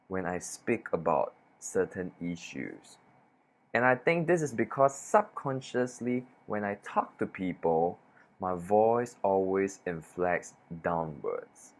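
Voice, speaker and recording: A man giving a self-improvement lesson to camera, talking deliberately with pointed pauses and falling sentence endings. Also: on the low side. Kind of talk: instructional talk to camera.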